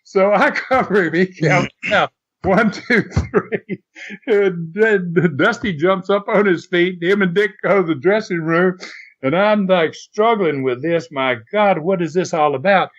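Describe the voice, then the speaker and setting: Older guy on a podcast rambling through an old story, chuckles a lot, kinda high voice, muffled sound. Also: measured pace, fairly bright tone. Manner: rambling storyteller who chuckles and restarts often. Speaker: podcast guest, former wrestler. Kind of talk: casual anecdote telling. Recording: lo-fi podcast audio.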